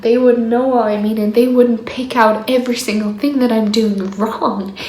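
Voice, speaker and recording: A woman's voice: a little high, a little mellow. A woman recording a personal diary vlog, venting in exasperation about being shut down, sometimes dropping to a whisper. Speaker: diary vlogger. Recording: echoey room.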